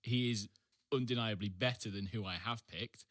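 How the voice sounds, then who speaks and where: A man's voice: lowish voice, normal speed, fairly bright tone, no room sound. A man, a podcast guest, chatting casually in a laid-back way, trailing off and laughing often. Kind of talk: casual chat.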